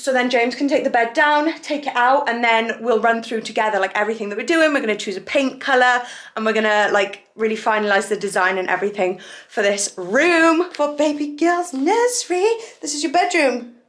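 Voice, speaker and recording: Young woman vlogger, bubbly and giggly, brightish voice, echoey home rooms. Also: a little high, a little fast. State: pregnant, out of breath at times. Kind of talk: casual vlog chat. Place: home, walking between rooms.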